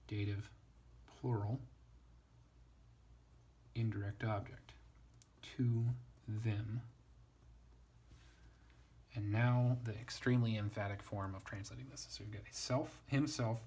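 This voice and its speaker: Husky man teaching Latin casually. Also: on the low side, a little mellow. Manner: wry, self-deprecating, works through ideas aloud. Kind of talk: casual spoken lesson, thinking aloud.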